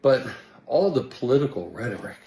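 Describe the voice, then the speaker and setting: A man's voice: medium pitch, big pitch swings, a little fast, gravelly, dark tone. An older man talking into his phone on a livestream, rambling and short of breath. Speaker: clip of a singer on a livestream. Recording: roomy clip with faint background noise.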